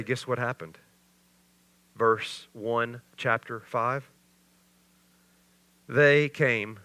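A male pastor preaching a sermon, with sarcastic asides that build into loud, animated bursts. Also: medium pitch, no echo.

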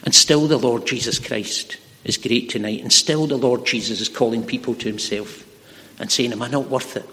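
A man preaching a sermon in a church, telling stories earnestly and slowing down to stress key words. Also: medium pitch, bright, forceful tone. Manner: earnest, slows for emphasis. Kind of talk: sermon with storytelling. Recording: long hall reverb.

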